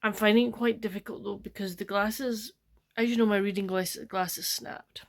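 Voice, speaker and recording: Speaking at a normal speed with a gravelly, mid-range voice and fairly even intonation, an older woman with a Scottish accent rambles gently through her home book vlog, kept like a diary. She frequently drops nearly to a whisper.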